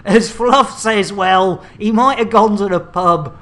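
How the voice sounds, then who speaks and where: A woman streams a space game and chats with her audience in quick, jokey banter. Her voice sits at a middling pitch, and the talk stays loose and playful. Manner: chatty, jokey, fast banter with viewers. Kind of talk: live gameplay commentary.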